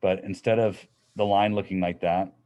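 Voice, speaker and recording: A man's voice: sits low, steady tone, normal speed, warm tone, clear, resonant tone. A middle-aged man teaching a physics class in a classroom, explaining in a casual, conversational way. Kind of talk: classroom lecture.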